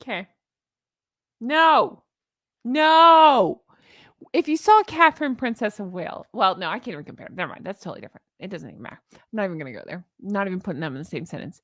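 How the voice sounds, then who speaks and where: A woman's voice: fairly low pitch, sing-song, racing, a bit bright, no room sound, clean studio sound. A woman hosting a casual commentary vlog, sarcastic and exasperated as she rants. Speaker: YouTube commentary host.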